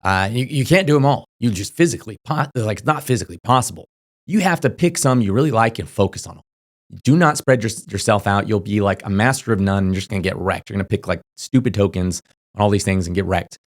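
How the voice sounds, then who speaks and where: A young crypto YouTuber with a fairly low-pitched voice chats casually to camera, dispensing advice rapidly and with emphasis. He leans heavily on fillers and keeps checking in with "okay?".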